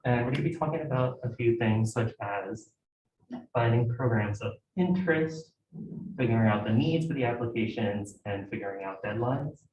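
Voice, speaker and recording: A man's voice: mid-range voice, normal speed, darkish tone, slight background noise. A young man giving an informal talk to a student club, conversational and full of fillers. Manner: conversational, filler-heavy, self-interrupting. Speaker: guest speaker at student club meeting. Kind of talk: informal presentation. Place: lecture room. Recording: echoey room heard from a distance.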